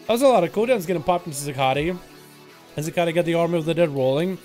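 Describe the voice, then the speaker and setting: Young guy casting a game duel, high voice, talks super fast, hype, faint music under it. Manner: excitable, rapid-fire, hype. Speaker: game caster. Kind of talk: esports play-by-play commentary.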